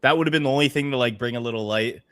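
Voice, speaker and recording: A man's voice: medium pitch, very fast, a bit bright. A man from Philadelphia co-hosting a casual sports podcast, ranting animatedly and swearing. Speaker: podcast co-host.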